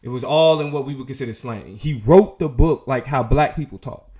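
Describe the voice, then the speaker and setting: Animated, emphatic male commentator. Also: medium pitch, a little fast. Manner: animated, emphatic, frequent restarts. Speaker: show host. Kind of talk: casual commentary.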